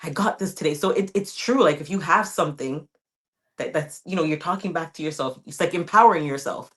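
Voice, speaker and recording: A woman's voice: sits low, brisk, a bit bright. A woman hosting a podcast interview, chatting casually and encouraging her guest. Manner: encouraging, affirming. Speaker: podcast host.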